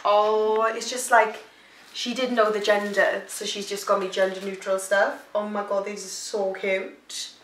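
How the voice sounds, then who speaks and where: A pregnant woman vlogging from home in a casual, gushing, excitable chat full of fillers. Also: mid-range voice, unhurried, a little hiss or hum. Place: at home, indoors. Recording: echoey room, mic at a distance.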